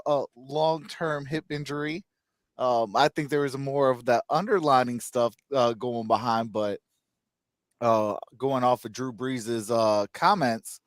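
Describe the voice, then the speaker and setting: A man's voice: on the high side, no echo. A man hosting a casual sports chat with a slightly raised voice, talking in a loose, rambling way full of "uh" and "you know." His voice sounds dry and close to the mic. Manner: rambling, many fillers, laughs at own jokes. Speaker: host.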